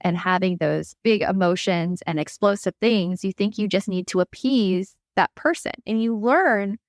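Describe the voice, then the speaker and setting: A woman's voice: mid-range voice, moderate pace, no room sound. A woman co-hosting a casual parenting podcast, telling stories and acting out what parents say, on a close mic. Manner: storytelling, acts out quoted parents. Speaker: podcast co-host.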